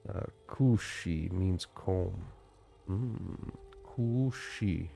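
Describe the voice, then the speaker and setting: Canadian man, gameplay chat, unhurried delivery, warm dark voice, chatty and laughing. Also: deep voice, animated. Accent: Canadian English. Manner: chatty, laughs often, explains things. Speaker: gaming channel host.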